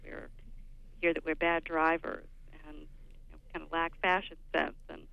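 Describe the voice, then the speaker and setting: A woman's voice: sits low, little pitch movement, normal speed, creaky, smooth. An older woman, a radio show guest, explaining at length in a thoughtful, lecturing way. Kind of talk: radio interview. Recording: phone line, lo-fi.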